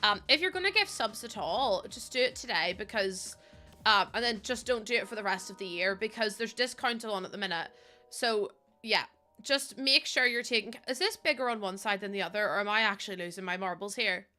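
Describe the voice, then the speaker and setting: Bright chatty Northern Irish woman. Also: medium pitch, brisk, faint music behind. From Northern Ireland. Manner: chatty and self-mocking, laughing often, reading chat aloud. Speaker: live streamer. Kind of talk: casual live-stream chat while building in a game.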